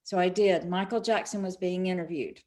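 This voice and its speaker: A middle-aged woman with a somewhat low voice talks at normal speed, storytelling in an online summit interview. A spiritual speaker, she's lively and acts out the dialogue in her stories.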